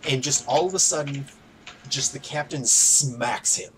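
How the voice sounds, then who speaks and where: A man's voice: mid-range voice, measured pace, a bit bright, a little hiss or hum, rough recording. A man narrating as game master in a casual, filler-heavy way.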